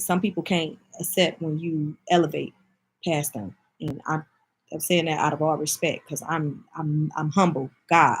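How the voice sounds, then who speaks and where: A Michigan woman vlogs casually to camera, addressing her viewers directly in an emphatic, heartfelt way. Her voice sits low with a breathy edge.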